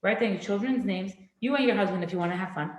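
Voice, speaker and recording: A middle-aged woman teaching a parenting class in a classroom, lively and acting out children's voices. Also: mid-range voice, fast talker. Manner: animated, acts out children's voices. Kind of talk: classroom lecture. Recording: very echoey room.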